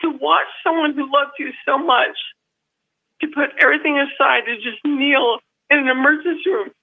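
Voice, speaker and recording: A woman's voice: sits high, steady tone, normal speed, vocal fry. A woman calling in to a live show, telling a heartfelt story through tears and rambling restarts over a phone line. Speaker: call-in guest. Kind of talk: emotional call-in chat. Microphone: telephone.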